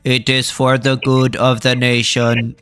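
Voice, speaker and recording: A man's voice: medium pitch, monotone, a little slow, a bit bright, clean tone. A man hosting a casual group chat on a headset, laid-back and joking. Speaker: stream host.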